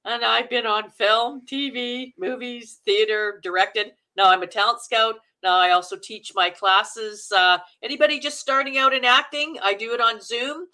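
A woman's voice: fairly high pitch, fairly even intonation, moderate pace, few pauses, sharp tone. A middle-aged woman with a Canadian accent, an actor and acting coach, chatting as a guest in a rambling way with frequent laughter. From Manitoba, Canada. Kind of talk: casual interview chat.

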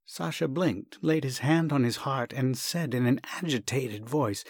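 A man narrating a classic short story in a measured, expressive reading. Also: medium pitch, no echo, studio quality. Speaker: story reader. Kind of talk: scripted narration.

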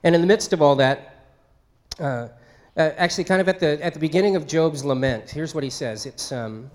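A man's voice: a little high, moderate pace, darkish tone. A man preaching a sermon in a conversational way, acting out quoted speech. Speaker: pastor.

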